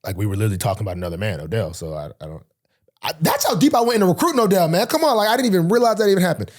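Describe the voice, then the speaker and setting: A man's voice: on the high side, racing. A man in his twenties, a football player guest, telling a story in casual chat and acting out the lines of the people in it. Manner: animated, acts out quoted dialogue, many fillers.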